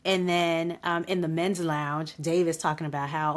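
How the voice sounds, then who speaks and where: A woman's voice: low-pitched, unhurried, hardly any pauses. A woman co-hosting a podcast, recapping episodes in a candid, opinionated, casual chat and laughing often. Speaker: podcast co-host.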